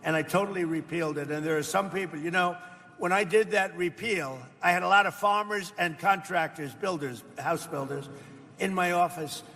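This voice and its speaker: A man's voice: high voice, fairly even intonation, normal speed, bright, forceful tone, big-room sound. An older American man speaking off the cuff at a roundtable, rambling and boastful, repeating his phrases. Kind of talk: off-the-cuff speech. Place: indoor event hall.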